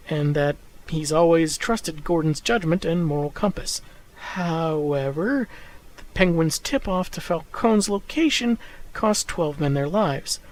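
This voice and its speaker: A man's voice: fairly high pitch, darkish tone, low-quality recording. A man recapping comic book issues in scripted narration, with dry, sarcastic asides.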